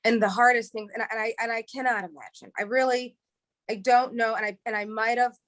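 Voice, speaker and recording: Earnest woman, halting and heartfelt. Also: on the high side, steady tone, a bit bright. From New York. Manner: halting, repeats words and restarts often. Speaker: guest. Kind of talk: emotional interview, candid storytelling.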